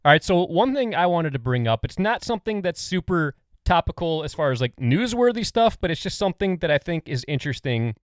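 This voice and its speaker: A man's voice: fairly high pitch, big pitch swings, a little fast, few pauses, dry recording. A man hosting a podcast, chatting casually, laughing often, and leading into segments. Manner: easygoing, laughs often, plain segment lead-ins. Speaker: podcast host.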